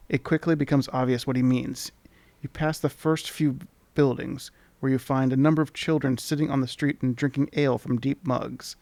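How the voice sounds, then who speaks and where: Gravelly-voiced man reading game text. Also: mid-range voice, darkish tone, no room sound. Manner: casual, halting, with restarts. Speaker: let's play host.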